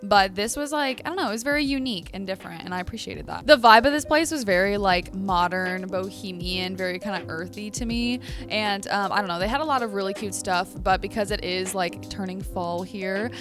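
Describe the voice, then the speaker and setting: Faint music sits behind this young woman's medium-pitched, fairly bright voice as she talks a little fast in a bubbly, filler-heavy vlog. She films on a handheld camera at home in her apartment, then out in city streets and shops.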